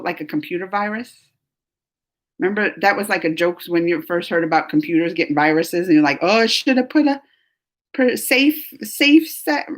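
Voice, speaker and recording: A woman's voice: mid-range voice, a bit bright. A chatty woman, feeling a bit sick and rambling through a casual live chat with viewers, laughing often. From New Orleans, USA. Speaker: livestream host reading chat.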